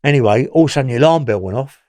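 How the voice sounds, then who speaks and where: A man's voice: mid-range voice, rapid-fire, no room sound, clean studio sound. An older man with a London accent, telling rambling, swear-filled stories as a guest in a casual interview. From England. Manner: rambling, excitable, swears often, lots of fillers. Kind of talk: casual storytelling in a podcast interview.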